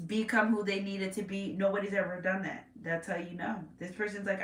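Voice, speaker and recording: A woman's voice: medium pitch, normal speed, few pauses, pushed and bright, distant mic. A woman giving a casual tarot reading who rambles, breaks off mid-sentence and gets emotional. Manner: rambling, self-interrupting, emotional. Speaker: tarot reader. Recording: roomy echo, voice off-mic.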